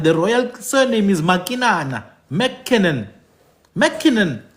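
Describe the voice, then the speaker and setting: Man, emphatic talk-show commentary, high and swooping delivery. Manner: emphatic, repeats points, asks "hmm?". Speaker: podcast host. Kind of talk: animated commentary.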